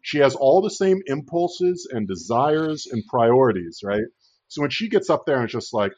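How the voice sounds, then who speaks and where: A man's voice: mid-range voice, lively intonation, normal speed, a little mellow, dry recording. A man hosting a casual political chat podcast, ranting sarcastically and swearing freely. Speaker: podcast host. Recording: dull lo-fi dry recording.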